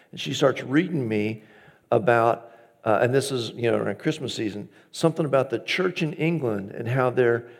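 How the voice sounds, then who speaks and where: A man preaching a conversational, storytelling sermon as pastor, acting out his own inner dialogue. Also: mid-range voice.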